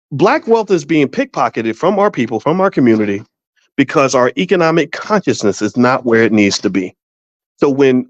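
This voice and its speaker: In a mid-range voice, a middle-aged man hosting a finance show speaks casually and emphatically to his viewers, often starting over and storytelling with exaggerated character voices. The recording is dry, dull, and lo-fi, without room sound.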